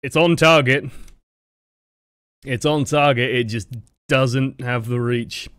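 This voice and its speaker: A man coaching players through a gameplay review, blunt and sweary with lively reactions, close to his microphone. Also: mid-range voice, takes it slowly, smooth, no echo. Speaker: game coach reviewing footage. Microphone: close desk microphone.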